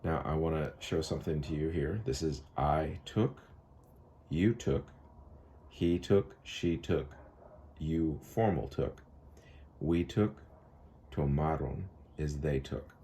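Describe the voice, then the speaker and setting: A middle-aged man, a Spanish teacher, giving a recorded online lesson in a relaxed, chatty way with many fillers. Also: rumbling low, slow pace, pauses often, husky.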